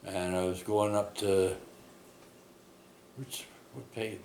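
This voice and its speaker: A man with a very low voice tells a personal story at an unhurried pace. He rambles, restarts often and keeps tagging his sentences with questions. He is recorded in an echoey room with faint ambient noise behind him. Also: fairly even intonation, a little mellow. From Canada. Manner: rambling, many fillers and tag questions.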